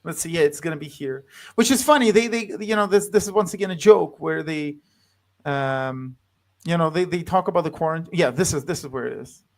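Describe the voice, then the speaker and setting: Halting man with sudden pitch jumps. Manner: halting, loose, full of fillers and restarts, with sudden pitch jumps. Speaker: guest film commentator. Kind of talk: casual video chat about a film.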